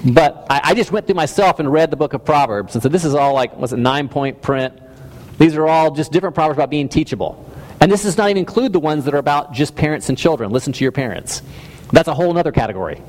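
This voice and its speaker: A man's voice: on the high side, lively intonation, fast talker, a little mellow. A man preaching a sermon in a conversational, self-deprecating way, with frequent restarts and stammers. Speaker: pastor. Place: church hall. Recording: reverberant hall.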